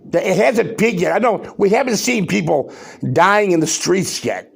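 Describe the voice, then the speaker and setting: Speaking at an ordinary pace in a high, expressive voice with vocal fry and a breathy edge, a male podcast host launches into loud, emphatic ranting. He keeps throwing out rhetorical questions.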